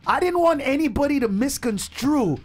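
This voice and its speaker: A middle-aged male comedian telling an animated comic story as a studio guest, laughing often and acting out other people's voices. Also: very high voice, normal speed, heavy background noise. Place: radio studio.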